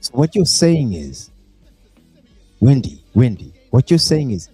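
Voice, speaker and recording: A South African man doing live reaction commentary, animated and prone to bursting into shouts and whoops. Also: medium pitch, a little slow, pauses often, slightly rough, dry recording, soft background music. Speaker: reaction streamer.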